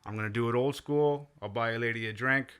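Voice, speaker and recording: A man's voice: medium pitch, quick pace, a bit bright, clean tone. A man in his thirties from Nova Scotia in Canada, a comedian guest telling a rambling, laughing story on a podcast and swearing freely.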